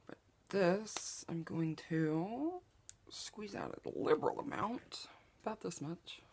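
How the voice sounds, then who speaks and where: A woman talks through her makeup routine in a relaxed, chatty way. Her voice sits low and has a gravelly fry. She jokes about herself and often drops into a soft whisper while she works. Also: slow pace. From Southeast Oklahoma, US. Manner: chatty and self-joking, drops to a whisper while applying products. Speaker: beauty vlogger. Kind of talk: casual makeup tutorial chat. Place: home makeup table with window open.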